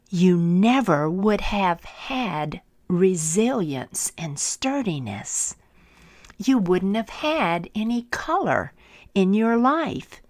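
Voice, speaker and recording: A woman voicing a gentle, patient potter. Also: on the low side, dry recording, clean studio sound, full character voice. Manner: calm, measured, sometimes whispered. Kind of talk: storytelling parable.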